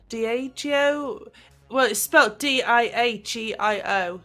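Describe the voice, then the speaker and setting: Yorkshire female co-host, playful giggly banter, slightly high voice, faint music behind. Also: slow, sharp tone. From Yorkshire, England. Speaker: esports race co-host. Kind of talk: casual chat.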